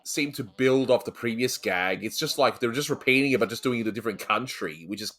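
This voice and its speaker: Guy hosting a laid back cartoon review chat, mid pitched voice, kinda stop start, laughs a lot. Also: quick pace, fairly bright tone. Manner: chatty, laughs often, stop-start phrasing. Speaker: podcast host and cartoon reviewer. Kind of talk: casual chat.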